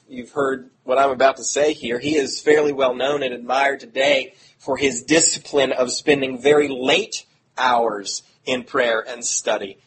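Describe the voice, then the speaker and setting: A middle-aged man preaching a sermon in an earnest, conversational way, with self-deprecating asides. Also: medium pitch. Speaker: pastor. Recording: audible background noise.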